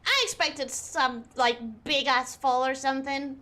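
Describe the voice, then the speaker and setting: A young adult woman streaming a game, chatting casually with her chat, excitable, laughing often and repeating herself. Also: high-pitched, a little slow. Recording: music playing in the background.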